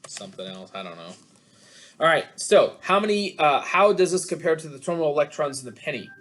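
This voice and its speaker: A man's voice: fairly high pitch, expressive, brisk, fairly bright tone. A middle-aged man teaching a physics class online over a video call, chatty and joking with students between worked problems. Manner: chatty, jokey asides to students. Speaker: physics instructor. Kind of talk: online lecture.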